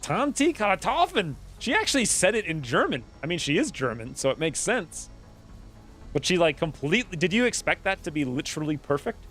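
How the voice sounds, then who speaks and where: A man's voice: fairly high pitch, big pitch swings, fairly quick, fairly bright tone, soft background music. A man streaming a strategy game, thinking aloud in a rambling, playful way as casual gaming commentary.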